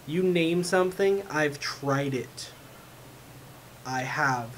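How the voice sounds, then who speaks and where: A man's voice: fairly high pitch, slow pace, a bit bright. A man vlogging at home, rambling in a frustrated way with lots of fillers and a voice he says is going. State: losing his voice. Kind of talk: casual rambling vlog. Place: home room with his cat. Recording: noisy home recording.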